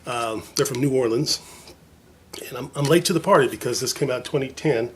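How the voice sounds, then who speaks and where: A man's voice: mid-range voice, a little fast, a little hiss or hum. A man chatting casually to his viewers as he shows off records from his collection, rambling and joking at his own expense, with plenty of fillers. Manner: rambling, chatty, self-mocking, many fillers. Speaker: vinyl collector vlogger. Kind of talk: casual show-and-tell chat.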